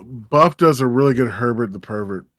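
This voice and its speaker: A man's voice: medium pitch, expressive, normal speed, no echo. A young adult man hosting a podcast, bantering casually with lots of swearing and laughter. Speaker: podcast host. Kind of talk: casual chat.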